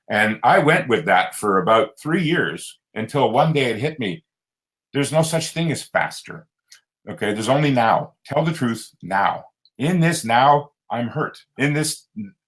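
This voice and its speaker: A middle-aged man, a guest coach and speaker, telling his personal story in an earnest, animated way, with his voice jumping up sharply for emphasis. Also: low-quality recording. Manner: earnest, animated, pitch jumps high for emphasis.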